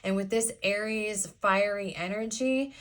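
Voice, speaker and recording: A woman's voice: medium pitch, a little slow, fairly bright tone. A young woman giving a casual pick-a-card tarot reading, chatty and sassy, rambling with lots of fillers. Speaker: tarot reader.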